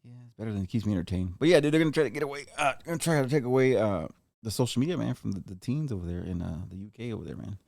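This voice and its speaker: A man's voice: medium pitch, animated, very fast, creaky, a little mellow, no echo, studio quality. A man hosting a podcast in casual rambling chat, peppering his talk with "man" and "dude". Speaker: podcast host. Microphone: studio mic.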